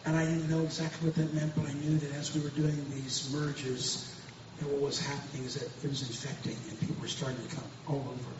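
A man's voice: fairly high pitch, little pitch movement, fairly quick. A man speaking as a pastor, giving an earnest, emphatic personal testimony, often repeating himself and restarting. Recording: very echoey distant room, dull and noisy.

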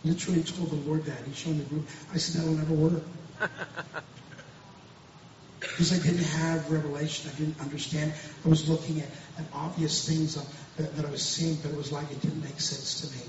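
Earnest pastor in an echoey room. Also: male voice, on the high side, flat delivery, a little fast, hardly any pauses. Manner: earnest, emphatic, repeats himself and restarts. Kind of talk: personal testimony in an interview. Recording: very echoey distant room, dull and noisy.

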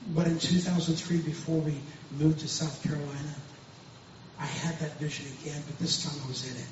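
A man's voice: a little high, level tone, brisk, a little mellow. A man speaking as a pastor, giving an earnest, emphatic personal testimony, often repeating himself and restarting. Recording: very echoey distant room, dull and noisy.

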